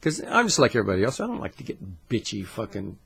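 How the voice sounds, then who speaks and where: A man's voice: on the low side, huge pitch swings, fast talker, gravelly, breathy edge. Swearing man ranting to camera. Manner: swears constantly, swings between loud outbursts and muttered asides. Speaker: channel host. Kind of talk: profane conspiracy rant to camera.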